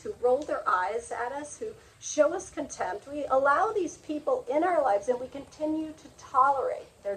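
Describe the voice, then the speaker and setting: Hosting a motivational talk, a middle-aged woman shares personal stories in an earnest, confiding manner. She speaks on the high side, captured in a rough recording.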